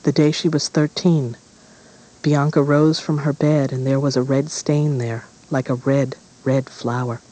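A man narrating a gothic fairy tale in a measured, dramatic reading. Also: medium pitch, level tone, dark tone, rough recording. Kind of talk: storybook narration.

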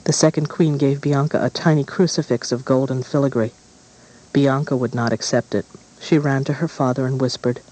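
Man narrating a dark storybook. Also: medium pitch, fairly even intonation, rough recording. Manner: measured, dramatic.

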